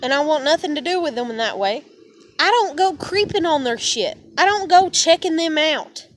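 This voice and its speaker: A woman's voice: sits high, lively intonation, moderate pace, a little hiss or hum. A woman venting in a heated, profane, rambling monologue. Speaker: vlogger.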